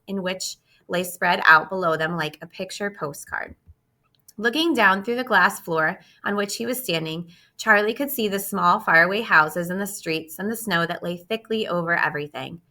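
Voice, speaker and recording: A woman narrating a children's storybook in an expressive, steady reading voice. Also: medium pitch. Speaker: audiobook reader.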